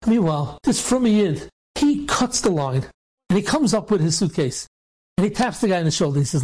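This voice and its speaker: A rabbi telling a story with animated delivery, acting out the dialogue in different voices and speaking in loose phrasing with restarts. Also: male voice, high-pitched, fairly quick. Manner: acts out the dialogue in different voices, sometimes shouting; loose spoken phrasing with restarts and repeated words.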